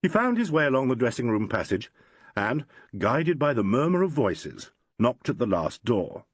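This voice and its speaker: Male audiobook narrator, lively intonation, very dry close sound, measured delivery. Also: mid-range voice, slightly rough, no echo. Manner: measured, expressive storytelling. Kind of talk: scripted narration.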